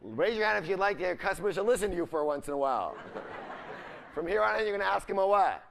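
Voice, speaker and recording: A man's voice: high voice, lively intonation, fast talker, gravelly, slight background noise. Man speaking to a seminar crowd. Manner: quizzes the audience, leaves sentence ends for them to fill in. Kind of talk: motivational seminar talk.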